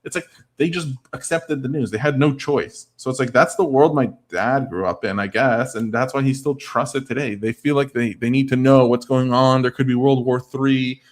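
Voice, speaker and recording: Speaking at normal speed in a medium-pitched voice, a man chats casually on a livestream. He rambles with plenty of "like" and "I don't know" while reading out and answering viewer comments.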